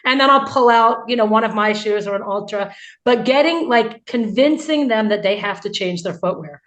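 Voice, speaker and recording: A woman's voice: fairly high pitch, normal speed, a bit bright. A woman hosting a podcast, asking questions in a chatty, casual way with frequent fillers. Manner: chatty, asks questions with many likes. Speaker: podcast host and clinician. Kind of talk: casual interview chat.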